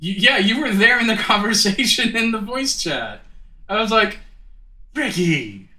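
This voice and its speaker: Game music fills a roomy room as a streamer plays live, chatting with viewers, laughing often and tripping over his words. He speaks at normal speed in a high, animated voice with a bright, forceful tone.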